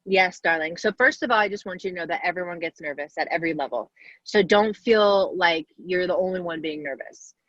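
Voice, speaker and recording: Speaking fairly quickly in a lowish voice, a guest athlete in her forties takes young players' questions over a video call. Her manner is warm, upbeat, casual and encouraging as she talks directly to the kids. The recording is dry, with dull, lo-fi video call audio.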